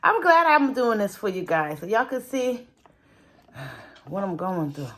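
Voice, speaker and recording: In a relaxed cooking-and-eating vlog, a woman chats straight to the camera from her home kitchen, trailing off into mumbled remarks mid-task. Her mid-range voice swings widely in pitch, runs a little slow, and sounds a bit bright.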